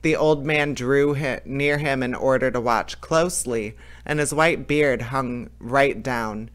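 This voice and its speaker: A man reading an old fairy tale aloud in a lively way, now and then stumbling and restarting a phrase. His voice is smooth and clear, sitting at an ordinary middle pitch. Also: unhurried. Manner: lively, with small slips and restarts. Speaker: storyteller.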